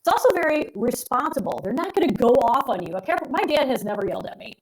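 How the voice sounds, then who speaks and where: A woman's voice: high voice, very animated, quick pace, husky, poor audio. A middle-aged woman co-hosting an astrology live stream, talking in a chatty, rambling, emphatic way. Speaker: astrologer co-host. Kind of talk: casual live-stream chat.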